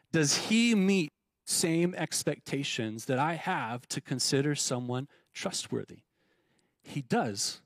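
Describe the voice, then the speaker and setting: A male pastor preaching a sermon in a casual, conversational way, often tossing in a "right?" to the congregation. His voice sits a little high for a man. The sound is close and dry, with no room echo. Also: a bit bright. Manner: conversational, asks "right?" often, restarts words. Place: church sanctuary.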